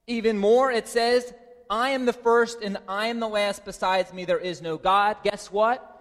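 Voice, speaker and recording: A man preaching a sermon, reading verses and pressing his points with emphatic rises in pitch and volume. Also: fairly even intonation, a little slow. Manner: emphatic, rising high and loud to stress points. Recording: long hall reverb.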